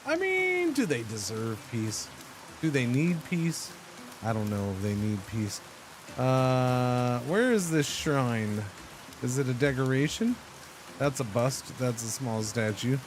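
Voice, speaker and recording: A man streaming a game, chatting casually with his viewers in an animated, joking way. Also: medium pitch, slow, background noise. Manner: animated, joking, talks to chat. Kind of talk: casual live-stream commentary.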